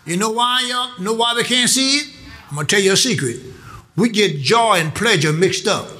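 A man delivering a sermon with a high, very bright and piercing voice. He preaches in call-and-response style and presses his points with repeated phrases. He keeps climbing into emphatic shouts. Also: expressive, normal speed. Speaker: pastor.

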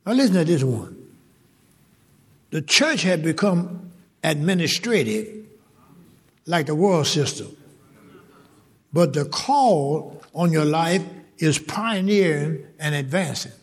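A man preaching a sermon in church, shouting and laughing as he urges the congregation to laugh along. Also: fairly high pitch, animated, slow, pauses often, husky. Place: church service. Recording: live in church with crowd noise.

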